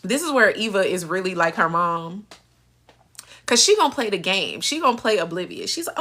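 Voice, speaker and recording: A woman's voice: mid-range voice, very animated, normal speed, pushed and bright. A woman hosting a live recap stream in a casual, sassy style. She laughs often and mimics the characters as she talks. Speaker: host of a live soap-opera recap stream.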